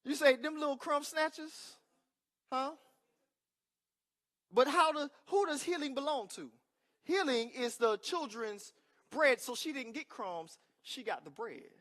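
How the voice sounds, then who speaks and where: A man's voice: very high voice, lively intonation, unhurried, long pauses. Emphatic male pastor preaching. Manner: emphatic preaching with call-and-response asides; swings between loud declarations and quiet asides. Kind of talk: sermon.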